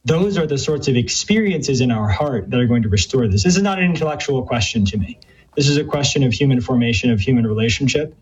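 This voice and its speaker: Earnest guy on a podcast, kinda husky, dull lo-fi sound, lots of ums. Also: mid-range voice, lively intonation, fast. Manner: earnest, thoughtful, with many fillers and restarts. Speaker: guest from a Catholic youth ministry. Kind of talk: conversational interview answers.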